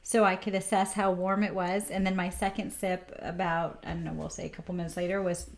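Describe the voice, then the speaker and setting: A woman's voice: fairly low pitch, level tone, fairly quick. Chatty thoughtful woman co-host. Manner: chatty, thoughtful, describes herself as cautious. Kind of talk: casual spiritual chat. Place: home table.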